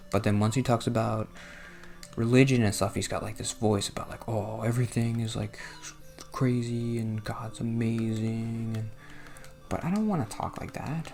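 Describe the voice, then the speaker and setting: A man's voice: mid-range voice, gravelly, darkish tone. A man from New Jersey talking casually while playing a video game, rambling and self-deprecating, groaning and laughing at the game. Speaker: gaming vlogger.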